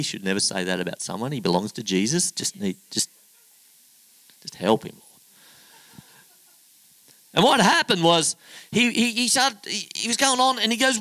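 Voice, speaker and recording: A man's voice: high voice, a little fast, bright, forceful tone, no echo, rough recording. A middle-aged man preaching a sermon, telling a story in a chatty, humorous way and acting out the other people's voices. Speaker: pastor.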